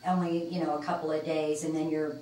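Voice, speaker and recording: A woman speaking softly and hesitantly in a consultation, her words trailing off. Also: sits low, little pitch movement, fast. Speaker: patient's mother. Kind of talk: consultation conversation. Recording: echoey room, distant mic, noisy.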